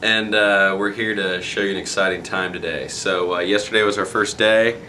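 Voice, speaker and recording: A man's voice: deep voice, steady tone, moderate pace, pushed and bright, a little hiss or hum. A young man hosting a travel video, hesitant with many fillers. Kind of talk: casual vlog intro.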